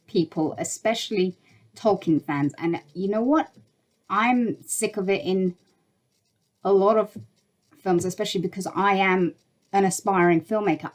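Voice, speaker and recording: A woman's voice: medium pitch, darkish tone, low-quality recording. Woman YouTuber, heated opinion rant to camera; blunt, exasperated, swears freely.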